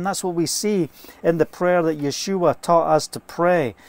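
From inside a trailer, a man preaches an informal sermon, earnest and fervent, sharing stories and quoting scripture. His voice is slightly high and a little slow.

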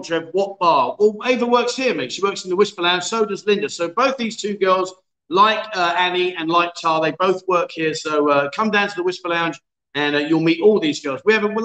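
His high-pitched voice is pushed and bright, echoing around the room. He's a livestream host in his fifties, broadcasting from a city bar, laughing, bantering and reading out viewers' comments.

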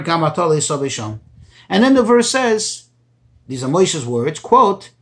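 A man teaching a Torah class, reading Hebrew phrases and translating each one into as he goes. His pitch jumps up when he stresses a point. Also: a bit bright. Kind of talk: Torah class explaining commentaries.

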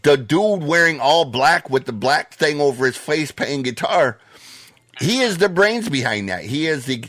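An American man hosting a podcast in casual, profane chat, his voice hoarse and wearing out. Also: fairly high pitch, animated, measured pace, fairly bright tone, no room sound. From United States. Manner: blunt, profane, laid-back. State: losing his voice. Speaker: podcast host.

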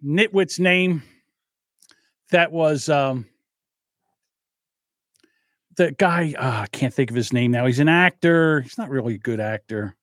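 A man's voice: fairly high pitch, normal speed, a bit bright, no room sound, clean studio sound. A man co-hosting a podcast in casual political chat, blunt and joking, rambling with restarts. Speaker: podcast co-host.

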